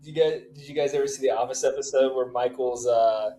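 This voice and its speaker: A man co-hosting a podcast who tells excited, rambling anecdotes in a casual chat. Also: mid-range voice, fast talker, a little hiss or hum. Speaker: podcast co-host.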